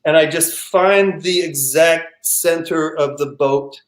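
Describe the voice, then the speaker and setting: A man telling a personal story at a live storytelling show, animated and full of restarts and vocal sound effects. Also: a little high, slow. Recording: echoey room.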